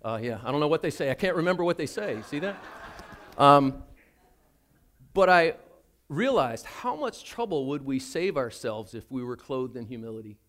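A man's voice: mid-range voice, sing-song, moderate pace, fairly bright tone. An older man preaching a sermon as a pastor, telling a story about himself in a chatty, self-deprecating way.

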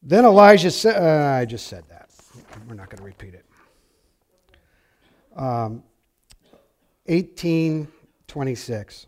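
Pastor, male, high-pitched, preaching with lively swings between soft and loud delivery. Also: slow pace, long pauses. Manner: animated storytelling with wide swings from quiet to loud. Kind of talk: sermon.

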